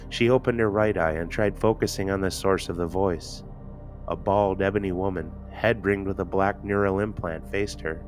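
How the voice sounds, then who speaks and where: A man reading an audiobook-style story narration in a measured, even way. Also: low voice. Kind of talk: audiobook narration of fan fiction.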